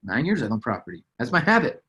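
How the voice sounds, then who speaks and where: Seated at a desk and writing as he talks, a business coach gives a motivational training talk to a group. His mid-pitched voice moves fast in a relaxed, casual, conversational way, full of "uh"s and restarts.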